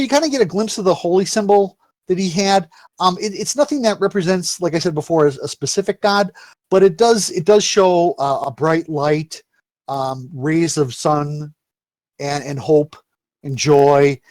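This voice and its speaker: A fairly high-voiced man narrates a tabletop adventure as game master, tripping over and repeating words as he goes. The sound is dry and close, with no room around it. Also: moderate pace, darkish tone, no echo. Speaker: dungeon master.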